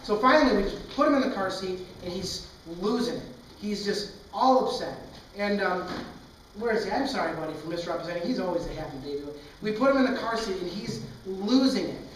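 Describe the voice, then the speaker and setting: High-voiced young pastor in echoey hall. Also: male voice, expressive, a little fast, a little hiss or hum. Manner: candid storytelling, earnest and impassioned. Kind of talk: sermon. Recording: echoey hall, far from mic.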